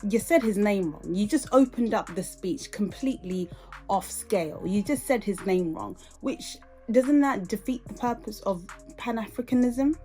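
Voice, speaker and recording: A young British woman hosting a podcast, reacting in an animated, indignant way and talking straight to her listeners. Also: mid-range voice. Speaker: podcast host. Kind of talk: casual podcast commentary.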